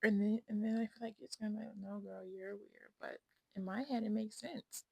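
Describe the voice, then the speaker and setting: Gravelly, breathy woman rambling at home. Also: a little high, level tone, fast talker, dry recording, muffled recording. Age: 20s. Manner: rambling, self-absorbed, frank, slips into whispers. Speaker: vlogger. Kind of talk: casual chat to camera. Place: at home indoors. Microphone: phone camera.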